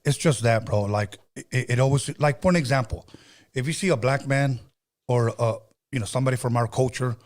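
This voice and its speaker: A man's voice: medium pitch, brisk, a little mellow. A man hosting a casual podcast chat, hedging and reflective, tossing in "bro". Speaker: podcast host.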